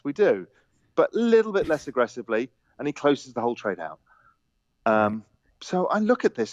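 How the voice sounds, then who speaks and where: A man telling stories on a podcast as a guest, animated, laughing, quoting the people in them. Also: medium pitch, no echo, muffled recording. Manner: animated anecdotes with laughter and quoted dialogue. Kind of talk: casual storytelling.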